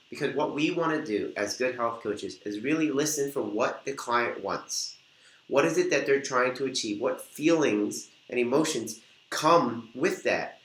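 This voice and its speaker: A man's voice: mid-range voice, animated, unhurried, a bit bright. A man hosting an instructional video, coaching viewers in an upbeat way and acting out sample conversations. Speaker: host and weight-loss coach. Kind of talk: instructional talk to camera. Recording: echoey room.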